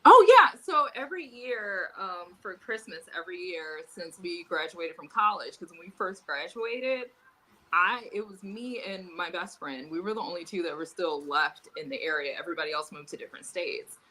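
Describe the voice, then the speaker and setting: A young adult woman, a podcast guest telling a story in casual chat, animated and laughing, swearing freely and acting out the people she quotes. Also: lowish voice, moderate pace, low-quality recording.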